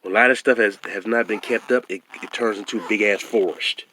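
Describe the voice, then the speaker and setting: A man with a hoarse voice, talking emphatically and repeating himself in a casual vlog monologue. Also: on the low side, fairly even intonation, a little fast, sharp tone, a little hiss or hum. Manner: emphatic and repetitive, often restarting phrases. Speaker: vlogger.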